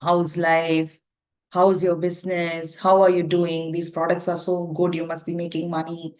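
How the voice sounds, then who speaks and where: A woman voicing a clever, kind male royal minister who speaks gently and reassuringly, on a dull lo-fi recording. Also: lowish voice, monotone, unhurried, natural voice. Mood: friendly.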